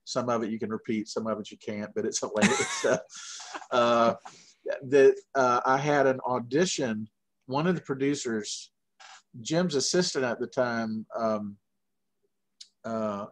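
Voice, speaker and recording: A middle-aged man from Georgia with a Southern accent, telling long, animated anecdotes full of fillers in a casual interview. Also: medium pitch. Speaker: guest puppeteer.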